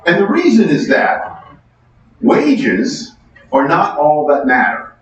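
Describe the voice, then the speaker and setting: A middle-aged man giving a university economics lecture, conversational and animated, asking the class questions, recorded from far off in a large lecture hall. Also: fairly high pitch, takes it slowly. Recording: distant echoey hall, dull sound.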